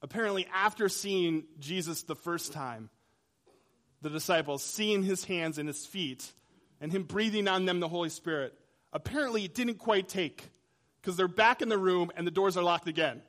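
A man preaching a sermon in a conversational way, swinging between loud emphasis and quiet, hushed lines. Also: high-pitched, normal speed. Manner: dramatic shifts between loud and soft. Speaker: pastor.

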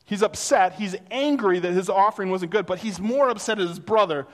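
A pastor with a fairly high voice preaches quickly and conversationally, sharing personal stories and acting out the people in them with lively quotes. The long reverb of a hall surrounds his voice.

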